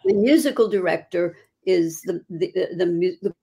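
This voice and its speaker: Husky older woman telling stories. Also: fairly low pitch, moderate pace. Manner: lively anecdotal storyteller. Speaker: guest performer. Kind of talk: storytelling in casual chat.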